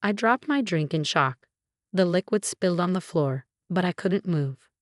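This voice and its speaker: Woman narrator, low voice, dry close recording, steady first-person story read. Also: normal speed, no room sound.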